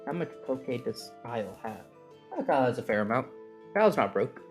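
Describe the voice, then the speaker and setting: A man's voice: medium pitch, very animated, fairly quick. Male player, casual joking chat, stammery starts, faint music. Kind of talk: casual tabletop game chat.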